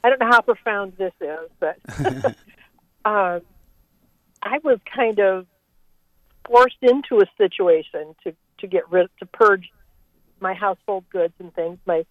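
A woman's voice: mid-range voice, a little slow, pauses often, no room sound. Older lady calling in, tinny phone line, hesitant, little nervous laughs. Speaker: caller.

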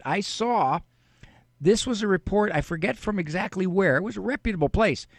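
A middle-aged man hosting a radio advice show, talking in a casual, animated, folksy way. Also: high voice, no room sound, clean studio sound. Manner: animated, folksy, acts out parents' quotes. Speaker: radio show host and psychologist.

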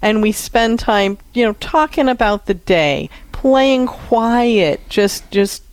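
A woman's voice: a little high, expressive, slow. A woman co-hosting an advice talk show, earnestly explaining parenting routines to a caller. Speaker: radio show co-host, counselor.

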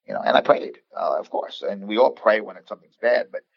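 A deep, gravelly man in his fifties tells a personal story on a podcast, earnest and halting, often restarting his sentences. His voice is husky and low, and the dry, dull recording sounds lo-fi. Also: animated, no echo. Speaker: basketball coach guest.

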